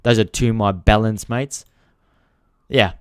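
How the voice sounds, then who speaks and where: In a smooth, lowish voice with fairly even intonation, a football channel host speaks a little slowly on his casual live stream. He rants in frustration, swearing freely and talking straight to viewers. The clean studio recording has no echo.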